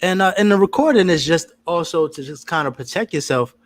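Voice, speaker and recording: A man's voice: on the high side, a little fast, noisy background. A man co-hosting a casual news podcast, talking in a rambling way and repeating words as he goes. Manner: rambling, repeats words, gives shout-outs. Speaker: podcast co-host. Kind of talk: casual chat.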